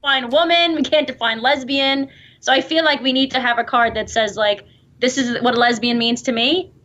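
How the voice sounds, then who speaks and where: A woman in her thirties with a New York accent, a guest in an interview, chatting quickly and laughing as she talks. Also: high-pitched, fairly even intonation, fairly bright tone. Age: 30s. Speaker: guest, online video creator. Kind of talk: interview conversation. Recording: dull lo-fi replayed clip.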